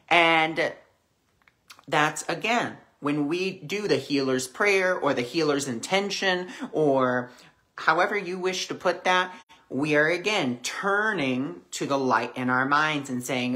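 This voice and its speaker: A woman who is a spiritual teacher hosts a weekly spiritual discussion, speaking conversationally and acting out voices in her stories. Her voice sits low and is bright and forceful, moving a little slowly.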